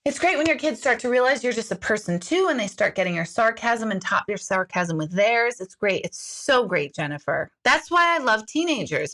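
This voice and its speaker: A woman in her forties, an intuitive life coach, chatting candidly with viewers in a sarcastic, jokey way and swearing freely. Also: a little high. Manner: animated, jumps between comments. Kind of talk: casual live chat answering viewer comments.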